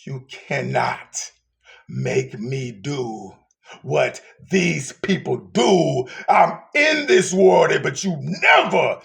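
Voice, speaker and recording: Gravelly, fervent preacher swinging loud to whispered. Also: male voice, a little high. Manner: swings from shouting to hushed whispers. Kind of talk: emotional street sermon.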